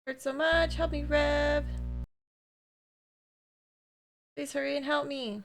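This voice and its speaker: A woman's voice: high-pitched, level tone, normal speed, gravelly, faint music behind, pitched above the performer's own voice. A woman reading out the lines of a heartbroken, betrayed young woman from a game, pleading and then bitterly accusing.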